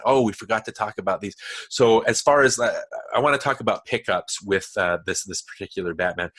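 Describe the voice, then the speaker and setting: A man's voice: fairly low pitch, a bit bright. A man hosting a podcast in a casual, chatty way, talking in loose, digressive sentences full of restarts. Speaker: podcast host.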